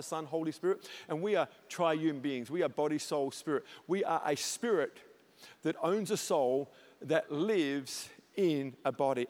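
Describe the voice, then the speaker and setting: A middle-aged man preaching from the pulpit, his voice pitched high for a man. He tells stories with animated energy, cracking jokes and hitting his punchlines loudly. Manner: animated storyteller, jokes, loud comic peaks. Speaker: pastor. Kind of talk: sermon.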